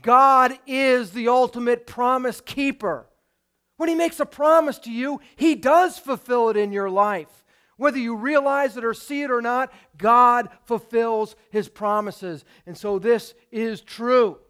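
High-voiced man preaching a sermon. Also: a little slow, fairly bright tone, clean tone. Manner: emphatic, with rhetorical questions to the congregation. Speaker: pastor.

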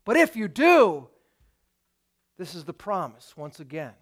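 A man's voice: sits high, sing-song, a little slow. A man preaching a sermon as pastor, emphatic and putting rhetorical questions to his congregation.

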